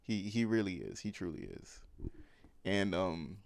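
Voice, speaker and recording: Dude breaking down a movie, super casual and slangy, lots of likes and you knows, dry close sound. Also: male voice, sits low, measured pace, creaky, dry recording. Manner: animated, slangy, full of fillers. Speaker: movie recap host.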